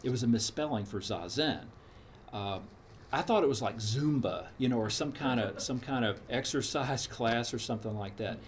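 A man's voice: mid-range voice, normal speed, a little hiss or hum. A man in his sixties telling a frank personal story in a casual, meandering, reflective way. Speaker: storyteller recounting his path to meditation.

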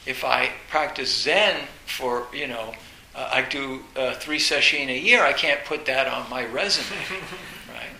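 A man giving a Zen dharma talk, telling personal stories in a halting way, restarting words and laughing now and then. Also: mid-range voice, sharp tone. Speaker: Zen teacher. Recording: echoey room with faint hiss.

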